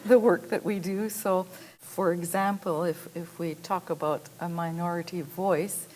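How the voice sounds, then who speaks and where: A woman author speaking on a panel, hesitant, with frequent pauses and fillers. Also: fairly low pitch, steady tone, a little mellow, a little hiss or hum, rough recording. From Manitoba, Canada. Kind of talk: panel discussion.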